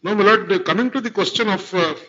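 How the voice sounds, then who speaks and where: Indian male advocate, high-pitched, courtroom argument, dull lo-fi recording. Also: fast, bright, forceful tone. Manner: formal, addresses the bench as my lord throughout. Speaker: advocate arguing before a court. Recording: lo-fi courtroom livestream audio.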